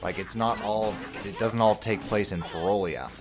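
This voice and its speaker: A woman's voice: a bass voice, moderate pace, over music. A woman co-hosting a let's play, making dry, wisecracking remarks as she plays. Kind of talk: casual gameplay commentary. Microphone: own desk microphone.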